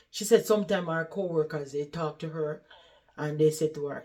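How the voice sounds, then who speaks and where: A caregiver with a deep, darkish voice speaking at a moderate pace earnestly retells a patient's story in a conversational vlog. Her retelling is full of "she said" tags.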